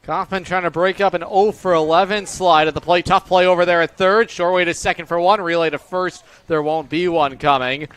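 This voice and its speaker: Brief: male play-by-play voice, slightly high, brisk, upbeat live baseball call. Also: fairly even intonation, fairly bright tone, smooth. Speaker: play-by-play announcer.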